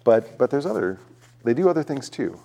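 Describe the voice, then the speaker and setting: A man hosting a talk show, explaining things in a calm, teacherly way. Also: medium pitch, fairly quick, gravelly, slight background noise. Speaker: host.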